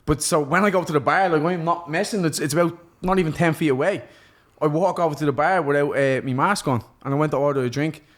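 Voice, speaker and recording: A young Irish man, a boxer, telling a lively, cheeky story in casual podcast chat and putting on other people's voices. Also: a little high, quick pace. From Ireland. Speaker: guest, professional boxer.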